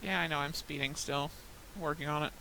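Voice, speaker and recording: A young woman chats casually while gaming, drifting from anecdote to anecdote and laughing often. Her voice is bright and forward. She talks loosely, with restarts and asides. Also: sits low, fairly even intonation, fairly quick, vocal fry, a little hiss or hum, poor audio. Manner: rambling storytelling, frequent laughs. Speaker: gaming podcaster. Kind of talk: casual chat while playing a game.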